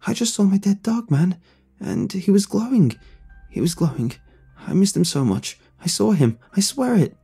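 A man's voice: sits high, big pitch swings, moderate pace, gravelly, mellow, breathy edge, faint music behind, voice pushed up, exaggerated voice. A man voicing a frantic, shaken teenage boy who talks in breathless, insistent pleas.

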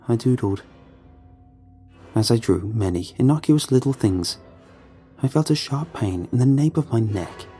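A man narrating a scripted horror story in a measured, somber way. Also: on the low side, warm tone, breathy edge.

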